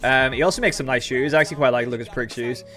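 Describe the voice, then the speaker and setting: A man's voice: medium pitch, fast talker, bright, forceful tone, faint music behind. A young Irish man hosting a live stream, chatting casually and rambling as he answers viewers' comments. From Ireland. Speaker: livestream host.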